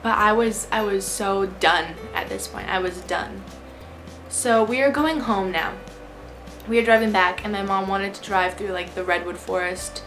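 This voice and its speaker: A young woman tells a storytime on her vlog, animated and exasperated as she recounts a bad trip. Her pitch sits in the middle range. Faint music plays behind her. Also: unhurried. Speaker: vlogger.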